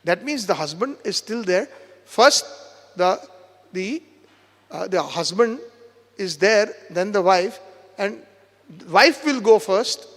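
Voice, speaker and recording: A man preaches at a seminar, telling the story in a lively, animated way. His voice sits high for a man and carries a long echo from the hall. He voices each character in his own speech. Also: slow pace, pauses often. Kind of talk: storytelling sermon.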